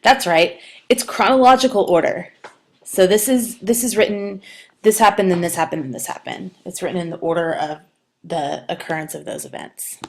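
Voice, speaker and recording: Gravelly-voiced woman teaching writing. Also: lowish voice, fairly quick, a little mellow, slight background noise. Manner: explanatory, with fillers and restarts. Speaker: writing instructor. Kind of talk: recorded video lecture.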